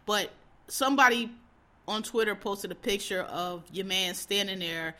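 Bright-voiced woman ranting profanely. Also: medium pitch, measured pace. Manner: profane, animated, exasperated. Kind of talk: casual opinion rant.

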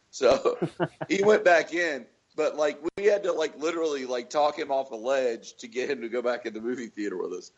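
A man from Florida trades movie stories in a relaxed podcast chat, peppering them with swearing and loud acted-out quotes. His voice sits at a medium pitch, and the recording sounds a little dull and lo-fi. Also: moderate pace. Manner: swearing storyteller, acts out quotes loudly. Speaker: podcast co-host. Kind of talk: casual chat.

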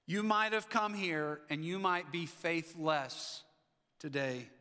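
High-voiced preacher in a reverberant hall. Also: male voice, slow, clean tone. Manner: animated, acts out the Bible figures' lines. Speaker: pastor. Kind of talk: sermon. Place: church sanctuary.

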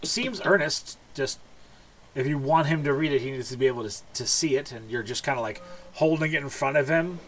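A man narrating as game master in a relaxed, halting way with many fillers. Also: mid-range voice, a little hiss or hum.

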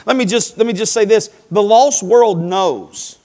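A man's voice: high-pitched, measured pace, mellow. A man preaching a sermon, emphatic, repeating phrases and addressing the congregation directly.

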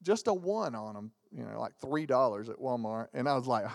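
This guest pastor, a man in his 40s from the Southern US, talks a little fast with vocal fry and few pauses, his mid-range voice echoing with a long reverb tail in the sanctuary. He tells animated, joke-filled stories and mimics other voices throughout his sermon.

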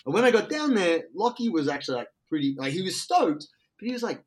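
An excitable Australian man telling a story in casual, slangy talk. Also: high-pitched, fast.

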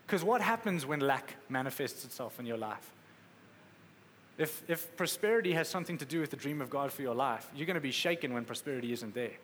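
This sermon comes from a man with a mid-range, slightly bright voice who speaks animatedly and a little fast, conversational yet emphatic, acting out the quotes he cites. The hall echoes with faint ambience, and there is slight background noise.

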